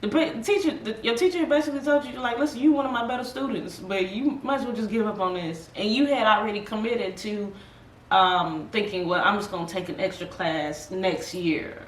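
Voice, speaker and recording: A woman's voice: medium pitch, a little fast. Woman co-host, casual and tired, laughs a lot, echoey room, mic set back. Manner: animated, laughing, full of fillers. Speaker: podcast co-host. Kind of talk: casual chat. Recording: echoey room, from a distance, faint noise.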